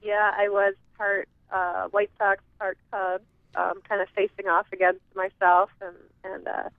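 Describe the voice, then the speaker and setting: A woman's voice: mid-range voice, completely flat delivery, a little slow, dry recording. A woman from the American Midwest, a guest chatting casually in an interview, talking in a giggly, chatty way with trailing fillers. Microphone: phone. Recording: tinny phone line.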